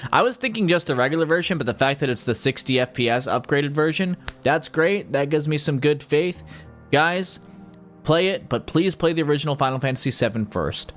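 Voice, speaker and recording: A man's voice: on the high side, fairly bright tone. Rambling, jokey male streamer. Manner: rambling, jokey, self-mocking. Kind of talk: casual livestream chat.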